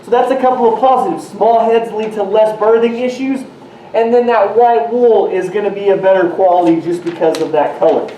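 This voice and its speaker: A man's voice: high voice, brisk, mellow, close to an everyday voice. A man playing a folksy, rambling presenter explaining a sheep breed. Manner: folksy, rambling, shuffling notes. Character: folksy male presenter back from travels. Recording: roomy, distant mic, faint noise.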